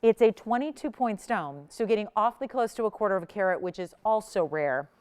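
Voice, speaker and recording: Chatty woman shopping host, smooth voice. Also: mid-range voice, expressive, brisk, a little mellow. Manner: chatty, laughs often, enthusiastic selling. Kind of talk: live shopping presentation.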